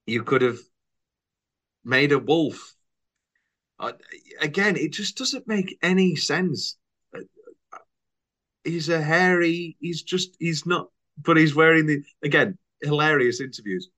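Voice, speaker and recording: A man's voice: on the high side, slow, long pauses, a bit bright. A man co-hosting a podcast in casual, joking chat, laughing often. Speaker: podcast co-host.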